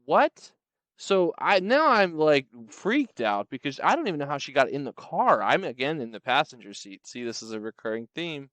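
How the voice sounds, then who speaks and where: Bright, wry young man telling stories. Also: on the high side, sing-song, moderate pace, hardly any pauses, no echo. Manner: wry, rambling and playful. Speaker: comedic storyteller. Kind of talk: comedic storytelling.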